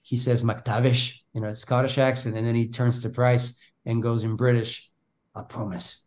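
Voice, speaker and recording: Actor guest, male, from Bulgaria, Bulgarian as his first language, casual and animated, restarts his phrases, mid pitch. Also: normal speed. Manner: animated, repeats words when starting thoughts. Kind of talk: casual interview talk.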